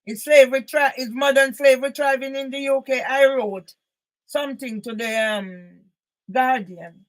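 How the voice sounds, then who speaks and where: A woman, an author and campaigner, delivering an angry, confrontational monologue aimed at one person, breaking into loud emphatic bursts. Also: high voice, fairly even intonation, normal speed.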